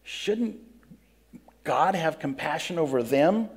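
A man's voice: a little high, animated, takes it slowly, slightly rough, full character voice. An actor playing a grumpy biblical prophet who complains a lot, telling his own story in first person in an interview, plain-spoken and earnest. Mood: storytelling. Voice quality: earnest, plain-spoken, breaks into pleading outbursts. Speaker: interviewee in character.

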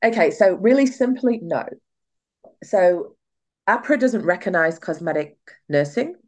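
A woman's voice: on the low side, expressive, measured pace. A woman, a clinic owner and cosmetic nurse, chatting as a podcast guest and retelling events with lots of quoted dialogue. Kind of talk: casual storytelling in a podcast interview.

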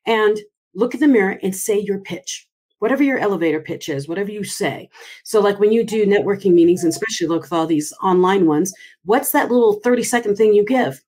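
A woman voice coach giving advice on a casual video call, talking in an animated, expressive way. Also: mid-range voice. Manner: animated, expressive, by her own account. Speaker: voice and speaking coach.

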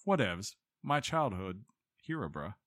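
A man's voice: on the low side, sing-song, measured pace, fairly bright tone, dry recording, clean studio sound. Joking, rambling male podcast host. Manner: joking, rambling, self-mocking. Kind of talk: casual podcast chat.

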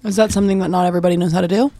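A young woman co-hosting a casual podcast who speaks quietly and giggles easily. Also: lowish voice, fairly even intonation, very fast, dry recording. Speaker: podcast co-host.

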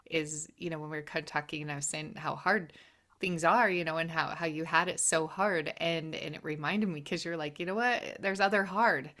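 A woman with a fairly low voice hosts a casual conversation. She affirms what her guest says and adds reflections of her own. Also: fairly even intonation, moderate pace. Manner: warm, affirming listener.

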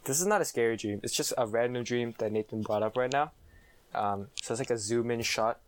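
A man's voice: mid-range voice, brisk. A young man co-hosting a casual podcast chat, swearing freely and saying "right?" and "like" often. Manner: casual, profane, frequent "right?" and "like". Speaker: podcast co-host.

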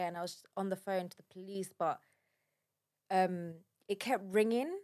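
A woman telling a personal story in a halting, shaken way, with many fillers. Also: medium pitch. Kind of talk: casual spoken account.

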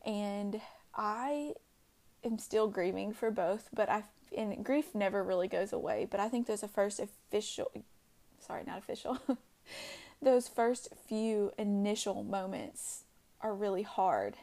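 A young adult woman hosting her own podcast, talking unscripted and candidly with halting restarts. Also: medium pitch. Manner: candid and halting, with frequent restarts and soft asides. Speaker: podcast host. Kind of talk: unscripted personal podcast monologue.

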